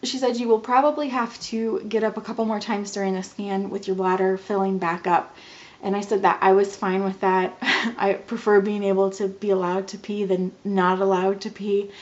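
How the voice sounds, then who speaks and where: A young woman in her twenties telling a personal story to the camera in a casual vlog, animated and giggly, acting out the dialogue. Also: medium pitch, normal speed. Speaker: vlogger. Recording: slightly dull lo-fi audio.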